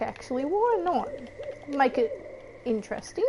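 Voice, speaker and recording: An Australian woman with a high voice chats at an unhurried pace while she plays a game, rambling and giggling between thoughts. A clear hum of noise sits under her voice the whole time. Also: expressive. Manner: chatty, rambling, with frequent giggles and fillers. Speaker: gaming streamer. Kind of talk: casual chat while gaming.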